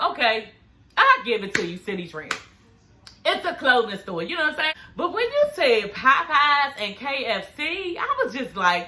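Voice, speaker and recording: A woman's voice: high-pitched, huge pitch swings, normal speed, bright, forceful tone. A woman in her forties recapping a reality show in casual chat, sassy and profane, calling her viewers honey and girl. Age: 40s.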